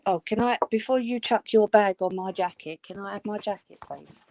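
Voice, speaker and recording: A woman's voice: medium pitch, moderate pace, background noise. A woman hosting a craft live stream, chatting casually and answering her viewers' comments.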